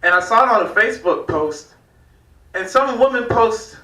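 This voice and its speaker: A man's voice: sits high, lively intonation, moderate pace, pushed and bright. A man from Virginia doing a stand-up comedy set, rambling loosely and laughing at his own jokes on a club stage. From Virginia, United States. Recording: echoey club room from far off.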